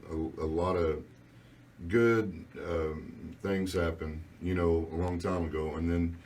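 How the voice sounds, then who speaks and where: A man in his forties with a deep, dark voice, a musician guest rambling through a casual radio studio interview with many fillers. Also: steady tone, takes it slowly, recorded from a distance, slight background noise.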